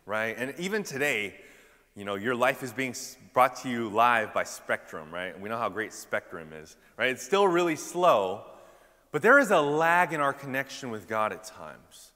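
Young male preacher, casual and animated, forceful bright tone, sermon in a reverberant hall. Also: medium pitch, moderate pace. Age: young adult. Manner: animated storytelling, loud punchlines, casual fillers. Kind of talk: sermon with personal stories.

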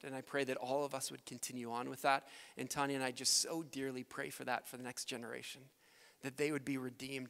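A man's voice: medium pitch, vocal fry, a bit bright. A man who grew up in Canada, speaking earnestly as a missionary in a church sermon and prayer, building to emphatic peaks. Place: church sanctuary. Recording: preacher in a long-reverb hall.

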